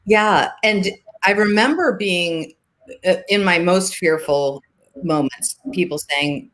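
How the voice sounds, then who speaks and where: Lower-pitched woman, animated storyteller. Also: slow. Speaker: guest, humor and grief coach. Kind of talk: conversational interview.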